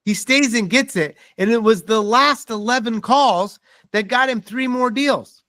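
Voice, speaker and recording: A man's voice: extremely high pitch, a little slow, dry recording, studio quality. A man giving a motivational seminar talk as a mortgage sales trainer, telling stories and acting out quoted dialogue. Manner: animated storytelling with quoted dialogue.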